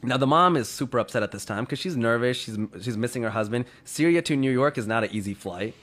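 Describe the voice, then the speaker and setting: A man's voice: mid-range voice, lively intonation, fast, a bit bright. A man casually retelling a story to others in conversation, full of "you know" and "like".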